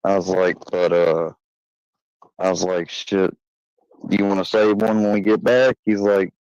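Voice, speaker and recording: Rambling low-voiced man telling a story. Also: flat delivery, darkish tone, clean tone, dry recording. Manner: rambling, halting, many fillers and restarts; swearing, slangy. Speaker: channel host. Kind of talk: casual storytelling. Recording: dull lo-fi sound.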